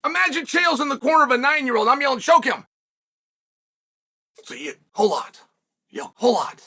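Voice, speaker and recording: A man's voice: very high voice, big pitch swings, fast, sharp tone. A middle-aged man hosting a commentary monologue for viewers, emphatic, repeating words and asking rhetorical questions. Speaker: host and former fighter.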